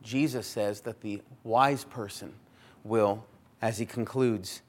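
A male pastor preaching a sermon in a deliberate manner, repeating phrases and putting questions to the congregation. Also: on the low side, fairly even intonation.

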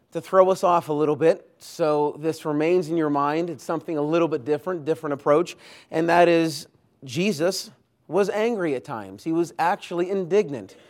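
Man, pastor, sermon, fairly high voice, earnest, emphatic. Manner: earnest, emphatic, builds lists with rising force. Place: church.

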